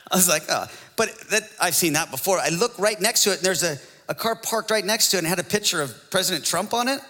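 A man's voice: high-pitched, lively intonation, fast talker, pushed and bright, long reverb tail. A man preaching a sermon as pastor, in a joking, conversational way with frequent laughs.

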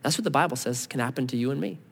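A man in his thirties preaching a sermon as pastor, animated, acting out voices and swinging between loud and soft. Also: medium pitch, very fast, creaky, breathy edge. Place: large church hall. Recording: long hall reverb.

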